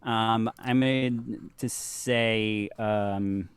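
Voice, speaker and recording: Brief: male game master, slow unhurried delivery, fillers and pauses, dry close sound. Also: fairly low pitch, fairly even intonation, smooth, dry recording. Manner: halting, many ums and uhs, laughs often. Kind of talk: narrating a tabletop wrestling game.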